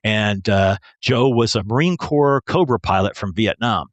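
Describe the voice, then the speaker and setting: A middle-aged man from Michigan, a retired police pilot telling stories as a podcast guest, animated and acting out the voices of people in them. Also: fairly low pitch, a little slow, dry recording, muffled recording. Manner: animated, acts out quoted voices. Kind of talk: casual storytelling.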